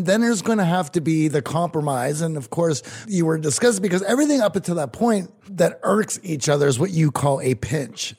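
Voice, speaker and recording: A man's voice: a little high, creaky, a little mellow. A man co-hosting a podcast, reflecting at length on the guest's story, thinking aloud with restarts. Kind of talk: reflective interview commentary.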